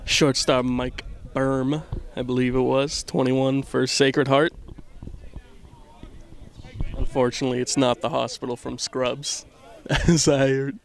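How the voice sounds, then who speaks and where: Gravelly guy doing laid-back play-by-play at a ballfield, handheld mic, rambly and self-mocking. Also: medium pitch, little pitch movement, measured pace, pauses often. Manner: self-deprecating, rambling, drops to a hush at times. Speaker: play-by-play commentator. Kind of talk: casual joking sports commentary. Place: outdoor baseball field. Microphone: handheld microphone with earbuds.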